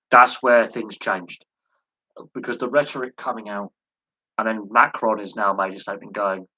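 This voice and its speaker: Guy rambling about sport on a live stream, lots of ums, super bright dry sound. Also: on the low side, fairly even intonation, moderate pace, husky, no room sound, rough recording. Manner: rambling, repeats words, many fillers. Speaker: host.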